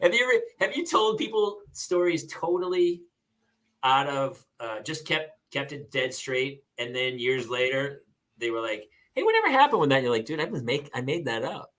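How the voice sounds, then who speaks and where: A man's voice: mid-range voice, normal speed. A man hosting a casual podcast, an actor telling funny stories with lots of laughter. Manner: animated storyteller, laughs often. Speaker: podcast host. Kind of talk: casual chat, storytelling.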